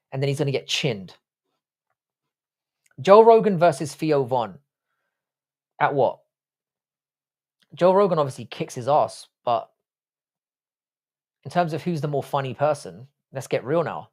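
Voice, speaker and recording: A man's voice: mid-range voice, sing-song, measured pace, long pauses, a little mellow. A young man, Irish by birth and raised in London, hosting a casual livestream, reading out chat comments and giving blunt, profane opinions. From Ireland. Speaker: livestream host.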